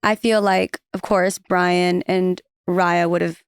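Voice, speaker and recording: A woman's voice: on the low side, level tone, slow pace, clean tone, no room sound, clean studio sound. A woman on a podcast, chatting casually and explaining her points with quoted asides. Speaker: podcast guest. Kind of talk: casual chat.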